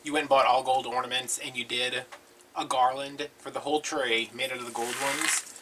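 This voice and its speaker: Man, chatty crafting vlogger, rambling and confiding, distant mic, loud background noise. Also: mid-range voice, flat delivery, normal speed. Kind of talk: casual chatty tutorial.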